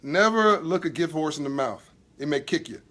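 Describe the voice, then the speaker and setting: A man hosting a live video from his office, talking in a preachy, emphatic way to his viewers. His voice sits a little high for a man. He acts out the people in his stories with lively voices. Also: normal speed. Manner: animated storytelling with acted-out voices, emphatic and preachy. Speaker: host of a live video talk. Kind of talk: spontaneous motivational talk to viewers. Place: new office.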